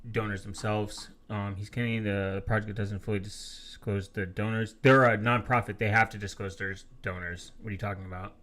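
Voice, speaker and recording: A man live-streaming in a casual, profane rant, reading viewer comments aloud and quickly flaring up as he rebuts them. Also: fairly low pitch, fairly even intonation, fairly bright tone. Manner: profane, quick to flare up angrily. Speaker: live streamer answering chat.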